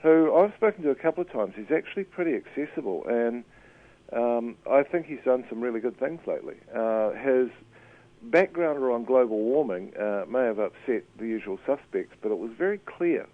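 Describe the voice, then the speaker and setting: A man's voice: mid-range voice, animated, normal speed. A man chatting casually on radio as a media commentator, hesitant with many fillers and restarts. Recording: tinny phone line.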